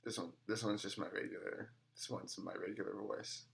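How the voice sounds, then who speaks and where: A man's voice: fairly low pitch, steady tone, moderate pace, vocal fry, a bit bright. A young male voice actor talking casually between impressions. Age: young adult. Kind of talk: comedic impression showcase.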